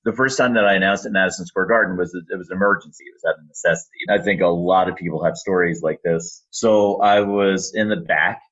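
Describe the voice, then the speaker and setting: A man who works as an arena announcer, telling animated stories in an interview. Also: low-pitched, fast talker, hardly any pauses, dull audio. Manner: animated storyteller, lively, acts out quotes. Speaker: arena public address announcer. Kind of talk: storytelling in a podcast interview.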